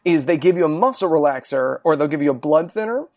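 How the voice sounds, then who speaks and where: Male podcast host, high tenor, riffing comic chatter. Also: animated, quick pace, darkish tone. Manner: riffing, slips into silly voices. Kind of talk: casual comedic chat.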